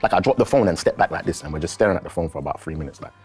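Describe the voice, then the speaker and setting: A rapper, telling a story in an interview in an animated way and acting out the voices of the people in it. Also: male voice, sits low, very fast, breathy edge, faint music behind.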